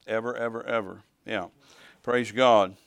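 An older man preaching and telling stories from his ministry, his voice smooth and resonant. He acts out each exchange as he goes and climbs to a shout at the big moments. The sound is close and dry. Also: fairly low pitch, measured pace, no echo. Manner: animated storytelling, acts out dialogue, swells to shouting at climaxes. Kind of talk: sermon with personal testimony.

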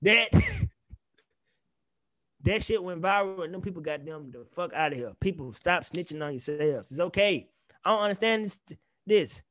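High-voiced man ranting profanely. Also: animated, moderate pace, pauses often, a bit bright, no room sound, studio quality. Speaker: podcast co-host. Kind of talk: casual chat.

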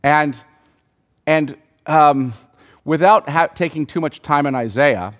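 A man teaching a Bible study group, thinking aloud with many pauses and restarts and putting questions to the listeners. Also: on the high side, a bit bright.

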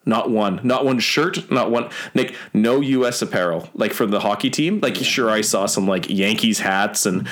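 Rambling, low-voiced Canadian man. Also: normal speed, few pauses. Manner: rambling storyteller with frequent fillers and swearing. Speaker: guest. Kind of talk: casual chat.

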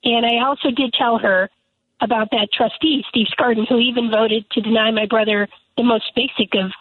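A woman's voice: a little high, fairly even intonation, moderate pace, husky, dry recording. A woman lawmaker calling in to a radio interview, speaking emphatically and indignantly. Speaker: lawmaker guest. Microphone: telephone. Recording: tinny, dry phone line.

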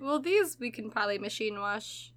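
A woman with a high, bright voice chimes in on a podcast. She reacts with short, dry quips and jokes as her co-host tells the case. Her delivery is quick and casual. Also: expressive. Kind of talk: casual true-crime podcast chat.

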